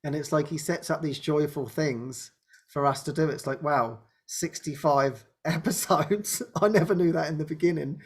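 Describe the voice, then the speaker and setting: A man hosting an online spiritual show, telling a personal story in a rambling, laughing way and dropping to a soft hush at tender moments. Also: a little high, moderate pace, slightly rough. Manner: rambling, laughs often, softens to a hush when speaking as Jesus. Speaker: host. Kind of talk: casual spiritual sharing. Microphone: video call microphone.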